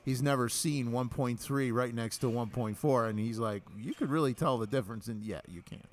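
A man's voice: medium pitch, fairly quick, a little hiss or hum. A man co-hosting a podcast in casual chat, laughing often and repeating words as he starts sentences. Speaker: podcast co-host.

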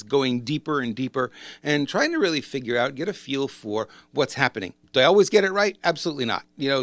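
A man's voice: mid-range voice, fairly bright tone. A man speaks in a loose, rambling way as a business coach, circling back and restarting his thoughts. His voice sits in an ordinary middle register. The recording is dry and close, with no room echo. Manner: rambling, conversational, self-correcting. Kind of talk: casual monologue to camera.

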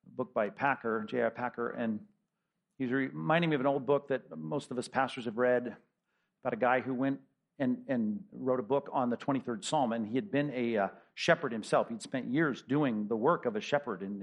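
A middle-aged man, a pastor, preaching a sermon in a conversational, emphatic way, with rhetorical questions and frequent restarts. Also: mid-range voice.

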